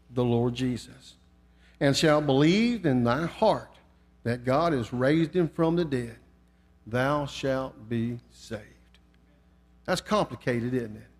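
An older man preaching a sermon, telling a folksy story and reading scripture with rising fervor. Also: mid-range voice. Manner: storytelling, rising to fervent emphasis.

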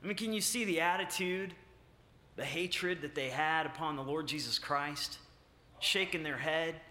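Bright-voiced preacher in an echoey church. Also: male voice, on the high side. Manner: halting, many filler sounds and restarts; emphatic, rising on key points. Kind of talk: sermon with scripture reading. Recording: echoey room.

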